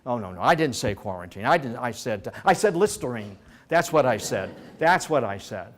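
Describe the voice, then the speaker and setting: A man's voice: medium pitch, sing-song, moderate pace, close to an everyday voice. A man lecturing playfully voices an older statesman who hastily denies his own words in a jokey, flustered way. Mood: mock flustered. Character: older male statesman, flustered, backpedaling jokingly.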